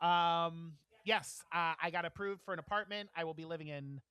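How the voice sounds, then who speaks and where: A podcast co-host tells a story in casual chat, his bright, forceful voice slightly high, clear and resonant, at a quick pace. The recording is dry and close-mic. He's an animated storyteller who acts out the people he quotes and laughs often.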